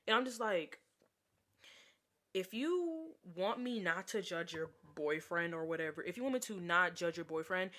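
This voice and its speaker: A woman's voice: medium pitch, lively intonation, moderate pace, a bit bright. A young woman telling a casual storytime vlog, chatty and exasperated, with lots of filler words. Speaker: vlogger.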